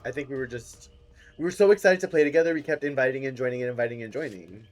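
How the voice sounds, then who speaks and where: A man's voice: mid-range voice, fast talker, a little mellow, soft background music. A man streaming a game from home, chatting casually with viewers and cheering and laughing often. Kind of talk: casual gaming livestream chat.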